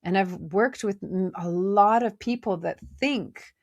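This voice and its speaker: A woman hosting a podcast, speaking in a gentle, conversational way with many fillers as she reflects on inner life. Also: mid-range voice, measured pace, no echo, highs cut off. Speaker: podcast host. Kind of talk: reflective spiritual talk.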